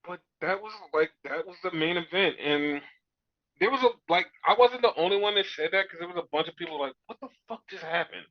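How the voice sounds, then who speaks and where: A man co-hosting a casual wrestling review chat, telling events in an animated, profane, exasperated way. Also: high voice, a little fast. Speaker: podcast co-host. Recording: dull lo-fi recording.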